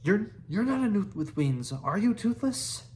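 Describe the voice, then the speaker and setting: A man's voice: high-pitched, sing-song, a little slow, darkish tone, a little hiss or hum, voice pushed up. A man doing an anxious young Viking boy. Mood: coaxing. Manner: pleading, urgent.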